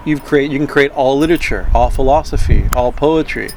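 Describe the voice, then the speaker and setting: A man giving an informal talk on Tantra philosophy. He speaks haltingly, repeats words and keeps asking "right?". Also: mid-range voice, darkish tone, slight background noise, rough recording. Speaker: spiritual teacher.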